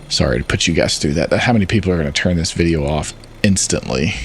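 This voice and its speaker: A man's voice: low-pitched, expressive, quick pace, few pauses, faint music behind. A man with a Southern US accent from Arkansas, chatting casually while explaining game controls in a let's play. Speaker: gaming channel host.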